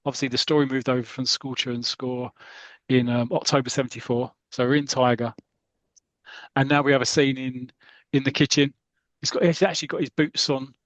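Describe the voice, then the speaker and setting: A podcast host with a mid-range voice talks briskly, with no echo. He animatedly retells a comic strip, acting out its scenes as he reads.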